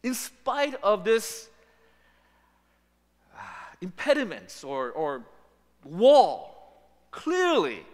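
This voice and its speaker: Animated male preacher in a reverberant church. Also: high-pitched. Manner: animated preaching, acting out quoted lines with rising intensity. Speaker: pastor. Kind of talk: sermon. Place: church sanctuary. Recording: long reverb of a church sanctuary.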